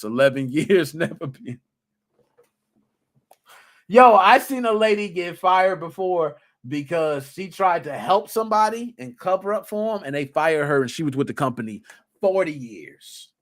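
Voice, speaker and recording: A high-pitched man in his thirties hosts a casual solo podcast, chatting about his work. His storytelling is animated and slangy, and he acts out what people said.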